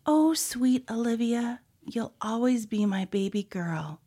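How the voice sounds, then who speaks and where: A woman voicing a gentle, patient father in a storybook, soft and fond. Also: on the high side, expressive, slow pace, full character voice. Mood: tender. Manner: warm, patient.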